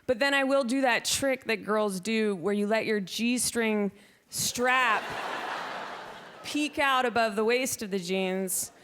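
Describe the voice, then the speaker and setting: A young woman doing a stand-up comedy set on a club stage, speaking dryly into a handheld mic and jumping into shrill, loud put-on voices. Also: slow pace, a little hiss or hum.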